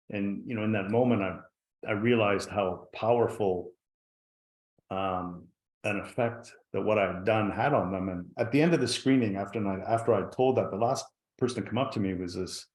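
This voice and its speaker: A man speaking as a guest on a virtual panel, telling a personal story in an earnest, reflective way over a video call. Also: fairly low pitch. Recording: roomy echo.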